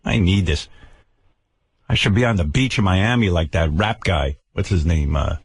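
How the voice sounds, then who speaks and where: A man's voice: low-pitched, moderate pace, husky. An older man hosting a radio show, ranting with profane sarcasm and stammered repeats. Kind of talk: angry on-air rant. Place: radio studio.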